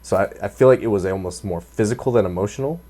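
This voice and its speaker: A host chatting casually in an interview, asking relaxed, rambling questions full of fillers. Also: low-pitched, quick pace.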